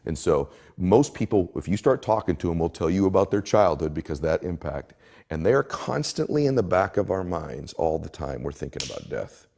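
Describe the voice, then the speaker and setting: Deep-voiced emphatic man telling stories. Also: animated, moderate pace, creaky, a little mellow. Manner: emphatic, storytelling, acts out quotes. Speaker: interview guest, coach. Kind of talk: motivational interview talk.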